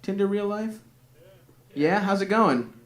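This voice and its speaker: A man's voice: sits high, animated, measured pace. A male stand-up comedian doing crude, rambling crowd work and laughing through his own jokes. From Greek family. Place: comedy club with audience. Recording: live club recording with crowd.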